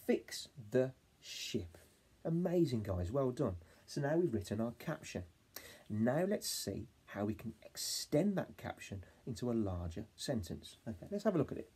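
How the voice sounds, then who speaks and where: A man with an English accent teaching a phonics lesson to young children, encouraging them and sounding out words slowly. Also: mid-range voice, sing-song, mellow, slightly rough. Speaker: reception class teacher.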